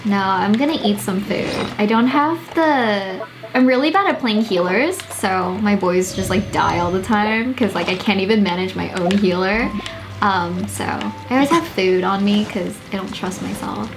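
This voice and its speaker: A young woman giving casual commentary while playing a video game, excitable and swearing, gasping and squealing when her characters are in danger. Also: mid-range voice, normal speed. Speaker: gaming streamer. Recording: game music playing behind.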